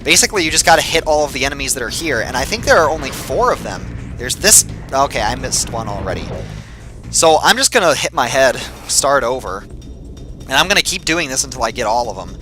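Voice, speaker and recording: Young man, gameplay commentary, excitable, swearing, animated pitch, bright forceful tone. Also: a little fast, faint music behind. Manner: excitable, swears and yells when frustrated.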